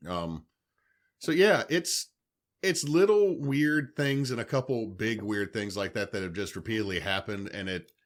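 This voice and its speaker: A man, telling animated stories on a podcast, swearing freely. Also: low voice. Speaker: podcast co-host. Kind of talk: casual storytelling chat.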